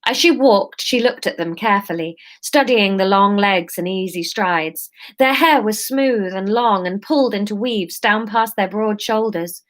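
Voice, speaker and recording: A woman's voice: medium pitch, unhurried, hardly any pauses. Chatty woman reading aloud. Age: 30s. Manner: chatty, self-mocking, breaks off to talk to the chat. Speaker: comedian reading her book aloud on a livestream. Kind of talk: casual read-aloud with chatty asides.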